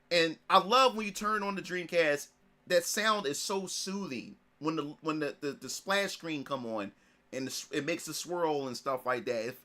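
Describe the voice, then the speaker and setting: A man in his thirties, a gaming streamer, reminiscing in casual commentary, excitable and repetitive, swearing and restarting his sentences. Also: sits high.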